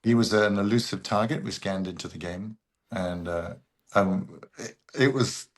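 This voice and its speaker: A man telling lively stories. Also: on the low side, unhurried. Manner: animated raconteur who acts out other people. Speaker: guest voice actor. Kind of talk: anecdotal interview storytelling.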